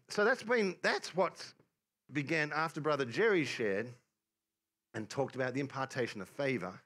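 A man preaching a relaxed, conversational sermon, often restarting and repeating words as he explains. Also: fairly high pitch.

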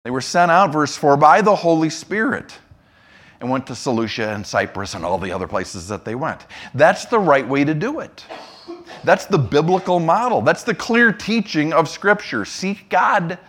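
A man preaching a sermon, telling a story with lively back-and-forth dialogue and slowing for emphasis. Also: a little high. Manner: lively storytelling, acting out both sides of a remembered dialogue; slows and softens for emphasis. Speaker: pastor.

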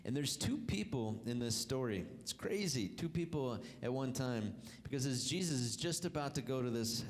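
Man preaching a lively sermon. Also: medium pitch. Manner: lively preaching, audience call-outs. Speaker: pastor.

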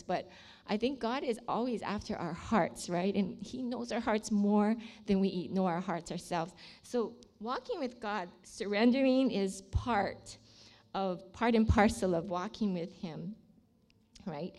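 A woman's voice: mid-range voice, a little mellow. An older woman sharing a personal faith testimony in an earnest, heartfelt storytelling manner.

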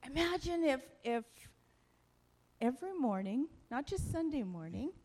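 A woman speaking to a congregation in a lively, animated way, with a slightly high voice. She is playful and cheerfully mocks herself as she talks. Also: measured pace. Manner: playful, self-mocking, animated. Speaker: church speaker. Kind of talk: lively sermon talk.

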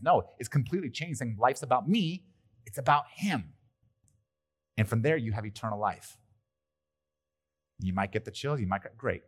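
Lively man preaching a casual sermon. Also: mid-range voice, slightly rough. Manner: lively, conversational preaching with playful asides. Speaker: pastor. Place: church hall.

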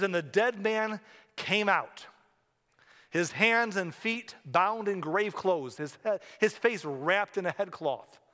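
High-voiced pastor in a reverberant hall. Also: male voice, fairly bright tone. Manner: conversational storytelling with humorous asides. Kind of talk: sermon.

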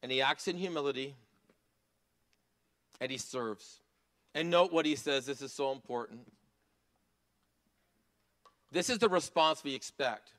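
Bright high-voiced preaching man. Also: brisk. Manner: earnest preaching, rising to emphatic passages and dropping to soft asides. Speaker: pastor. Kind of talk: sermon.

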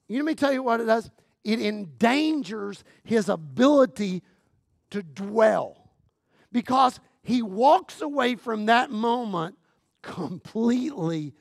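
A man delivers a sermon in a fairly high, gravelly voice, taking his time with each phrase. He preaches conversationally and with humor, repeating himself for emphasis and swinging between loud punchy lines and hushed ones. The sound is close and dry. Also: expressive, takes it slowly, no echo. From Texas. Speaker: guest pastor.

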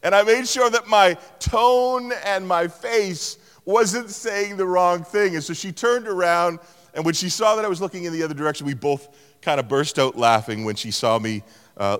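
A man's voice: normal speed, clear, resonant tone. A middle-aged man preaching a sermon in a large church, telling stories and playfully mimicking voices. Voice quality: animated storytelling with playful mimicry of a higher-pitched tone. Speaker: pastor. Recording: long hall reverb.

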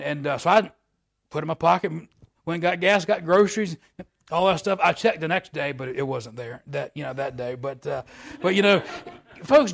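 A man preaching a sermon in a folksy, repetitive way that swells louder at the high points. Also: creaky.

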